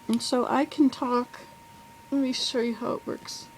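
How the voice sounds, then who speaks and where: Older woman, casual vlog chat, higher pitched, meandering, faint background hum. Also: fairly even intonation, a little slow, rough recording. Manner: rambling, friendly, self-correcting. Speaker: vlogger. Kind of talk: casual chatty home update. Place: home in the southern US. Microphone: plug-in computer microphone.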